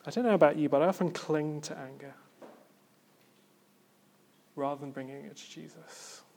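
A man preaching a sermon in an earnest, reflective way, with pauses and gentle emphasis. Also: on the high side, vocal fry.

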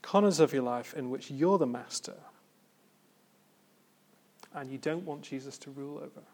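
A man preaching a sermon in an earnest, reflective way, with pauses and gentle emphasis. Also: medium pitch.

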